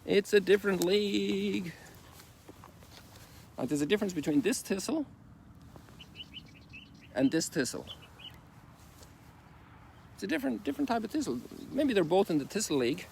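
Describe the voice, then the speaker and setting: A man's voice: high-pitched, lively intonation, normal speed, creaky, pauses often, darkish tone, slight background noise. An Irish priest in his sixties gives an informal, rambling spoken reflection outdoors, with folksy asides. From Ireland. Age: 60s. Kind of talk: informal reflective sermon while walking. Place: outdoors on a sunrise walk.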